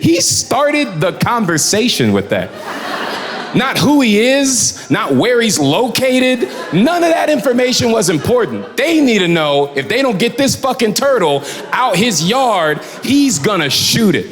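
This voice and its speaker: A man performing a stand-up comedy set, telling stories with lively shouting and acting out characters. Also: sits high, moderate pace. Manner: animated storytelling, shouting punchlines, acting out characters. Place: large hall before a live audience. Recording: live hall reverb, loud crowd. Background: crowd laughing.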